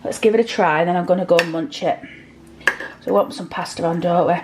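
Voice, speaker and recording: A woman's voice: on the low side, fairly even intonation, fast, darkish tone, slight background noise, poor audio. A woman chatting to her viewers while she cooks in her home kitchen, casual and talkative. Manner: chatty, addresses viewers directly. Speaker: vlogger. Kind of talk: casual cooking vlog.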